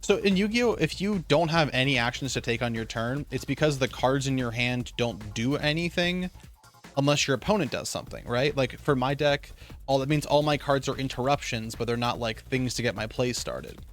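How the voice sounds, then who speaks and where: A man's voice: mid-range voice, moderate pace, fairly bright tone, faint music behind. A man casually recapping his card game tournament, telling it in a loose, rambling way with some swearing.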